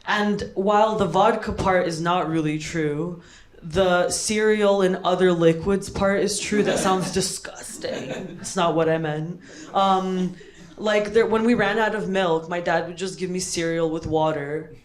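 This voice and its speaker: A woman's voice: on the low side, steady tone, unhurried. A young American woman doing stand-up at an open mic, rambling and self-mocking with lots of "like" and "bro". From United States. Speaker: stand-up comedian. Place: comedy club stage, London. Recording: live club audience audible. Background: audience laughing.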